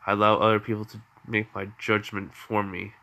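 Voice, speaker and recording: A man voicing a calm, weary young male ninja with a quiet, low-key delivery. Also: brisk, gravelly. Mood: subdued.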